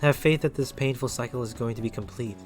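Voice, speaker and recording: A man's voice: mid-range voice, fast, faint music behind. Chatty New man reading tarot. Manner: chatty, talks straight to chat viewers, loose and upbeat. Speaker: tarot reader and live streamer. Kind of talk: casual live-stream tarot reading.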